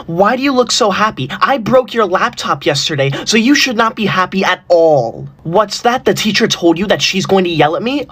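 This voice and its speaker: A woman's voice: medium pitch, animated, moderate pace, few pauses, slightly rough. A young woman performing a comedy skit to camera in a pushy, entitled and sarcastic way. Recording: loud music under the voice. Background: loud music.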